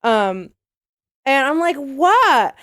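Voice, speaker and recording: A young adult woman co-hosting a podcast, telling stories in a profane, animated casual chat. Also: on the high side, fairly quick. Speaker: podcast co-host.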